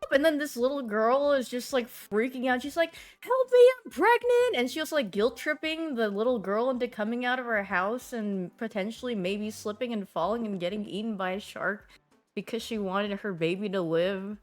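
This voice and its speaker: A young woman streaming, telling stories in a lively, animated way and often laughing and squealing. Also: on the high side, normal speed, faint music behind. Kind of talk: casual chat stream.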